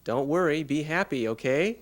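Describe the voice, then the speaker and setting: A man's voice: on the high side, animated, normal speed, pitched above the performer's own voice, natural voice. A man voicing a mother in a spoken fairy tale, coaxing her son and then scolding him sharply with a raised voice.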